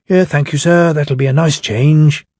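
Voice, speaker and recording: A man voicing a gentle, humble older male steam engine who speaks meekly and politely. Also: a little high, steady tone, unhurried, no room sound. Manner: meek and polite.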